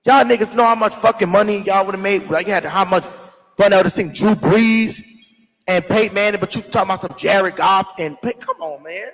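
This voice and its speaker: A man's voice: sits high, a little fast, a bit bright. A man hosting a casual livestream, ranting in a rambling, slangy, profane way. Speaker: livestream host. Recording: echoey room with long reverb.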